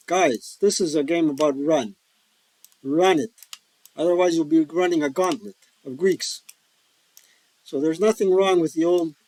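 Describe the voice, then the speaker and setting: A man with a fairly high, darkish voice talks his way through a solo board wargame, unhurried and leaving long pauses. As player and host, he jokes and rambles with folksy asides in casual commentary. The recording is low quality.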